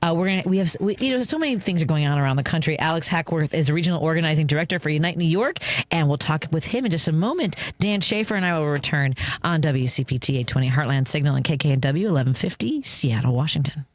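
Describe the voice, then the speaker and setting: A woman hosting a radio talk show, chatting in a loud, brassy, storytelling way. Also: sits low, expressive, fast, no echo. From United States. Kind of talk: casual radio chat.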